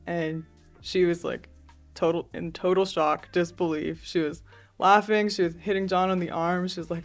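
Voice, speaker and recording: Speaking as a guest in a casual interview, a young artist shares stories in a lowish, flat, gravelly voice at a moderate pace. Soft music plays behind her as she chats in a relaxed way, filling her talk with "like."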